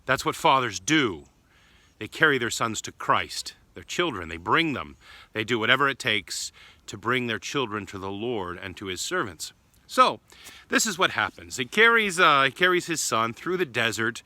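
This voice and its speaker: Priest guy telling a little saint story, warm and gentle, sharp bright voice. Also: mid-range voice, very animated, normal speed, dry recording. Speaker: Orthodox priest. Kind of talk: short homily with storytelling. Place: church grounds.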